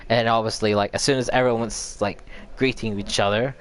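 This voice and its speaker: A man's voice: fairly low pitch, fairly even intonation, fairly quick. A man host casually recapping a video game story, rambling and repeating filler words as he recalls events. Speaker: gaming channel host.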